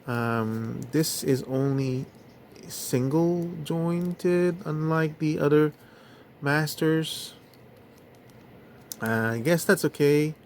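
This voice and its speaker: A man's voice: a little high, a little hiss or hum. A man casually reviewing action figures, talking in a hesitant way with many fillers. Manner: slow, hesitant, lots of fillers. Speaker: toy reviewer.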